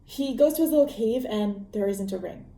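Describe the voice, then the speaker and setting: Mellow woman recapping a book, roomy echo. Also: medium pitch, animated, a little fast, vocal fry. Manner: chatty, rambling retelling with fillers. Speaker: podcast host.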